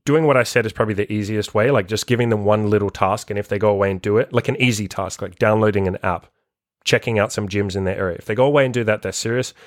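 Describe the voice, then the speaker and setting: A man's voice: lowish voice, fast talker, no echo, studio quality. A man who coaches people on self-improvement, talking in a blunt, profane, casual monologue full of "like" and acted-out quotes.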